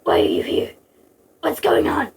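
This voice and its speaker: A woman reading as a tough soldier shouting urgently. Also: high-pitched, huge pitch swings, unhurried, creaky, far from the mic, a little hiss or hum, heavily acted. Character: tough male special-forces operative.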